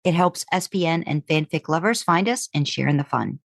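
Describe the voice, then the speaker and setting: A playful woman co-hosting a podcast, laughing easily and playing with words. Her voice is fairly low but swings widely in pitch. The sound is dry and close. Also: lively intonation, a little fast, creaky, no room sound. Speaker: podcast co-host. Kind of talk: casual chat.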